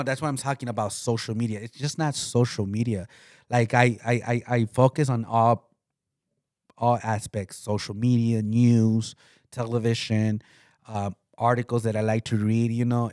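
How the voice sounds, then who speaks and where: A man's voice: medium pitch, fairly even intonation, normal speed, a little mellow, no room sound, studio quality. A man co-hosting a podcast in casual chat. He rambles, repeats words and laughs mid-sentence. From came to Utah. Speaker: podcast co-host.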